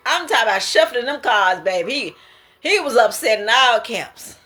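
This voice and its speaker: A woman's voice: on the high side, lively intonation, measured pace, pushed and bright, faint music behind. A woman sharing her prophetic dreams in a casual spoken monologue, emphatic and slangy, often laughing and exclaiming.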